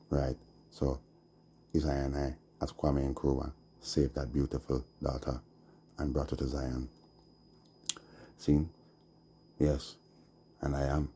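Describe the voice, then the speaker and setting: A man with a Jamaican accent preaching slowly on a live stream, dropping "see?" and "yeah?" between his lines. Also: very deep voice, dark tone, slightly rough. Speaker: Rastafari livestreamer. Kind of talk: rambling livestream preaching.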